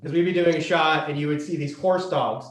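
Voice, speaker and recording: A man's voice: a little high, fairly even intonation, a little fast. A man, a film co-director, telling rambling, wry stories in a casual interview. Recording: roomy echo with faint noise.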